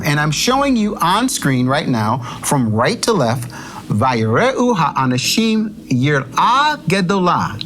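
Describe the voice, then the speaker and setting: Male Bible study host with a lively, up-and-down delivery; chuckling, conversational teacher. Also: on the high side. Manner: animated, chuckling, restarts mid-thought.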